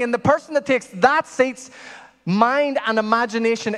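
A man preaching a sermon as pastor, telling stories in an animated way that swings from loud to hushed. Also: very high voice, moderate pace, clean tone. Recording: long hall reverb.

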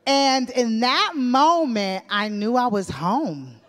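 A woman preaches a conversational sermon in a church hall with long reverb, recounting stories with casual fillers. She speaks slowly, in a voice on the high side with lively intonation.

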